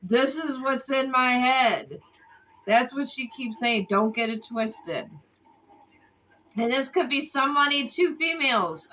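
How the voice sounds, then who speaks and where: Woman tarot reader, bright and a bit high, casual, exasperated, swears freely. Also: slow pace, rough recording. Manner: exasperated, scolds between readings. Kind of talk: casual tarot reading video.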